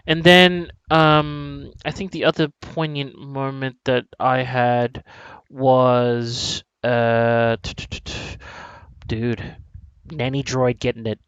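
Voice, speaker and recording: A man co-hosting a casual chat, rambling and animated, with many restarts and some swearing. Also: medium pitch, takes it slowly, clear, resonant tone, dry recording, muffled recording. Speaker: podcast co-host.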